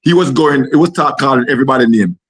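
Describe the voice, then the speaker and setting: A man's voice: mid-range voice, fast talker, husky. A Jamaican man hosting a casual talk discussion, rambling through a history with many repeated words.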